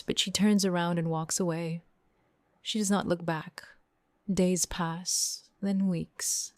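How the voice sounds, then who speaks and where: Female narrator, graded reader for learners; very slow, lower pitch, short plain sentences. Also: a little mellow, dry recording, studio quality. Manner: short simple sentences, evenly read. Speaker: audiobook narrator.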